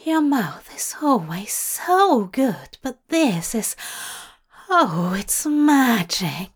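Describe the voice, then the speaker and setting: A woman voicing a tender, possessive angel man who murmurs softly, often in a whisper. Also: a little high, very animated, extremely slow, breathy edge, full character voice. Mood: enraptured. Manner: soft, murmuring, partly whispered.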